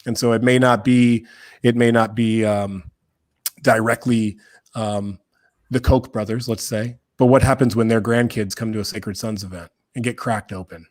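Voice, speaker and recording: A man's voice: fairly low pitch, steady tone, normal speed. A man speaking as a guest on a podcast, earnest and preacherly, repeating phrases for emphasis. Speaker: podcast guest, men's work founder. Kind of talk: impassioned conversational talk. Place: podcast recording, remote or studio.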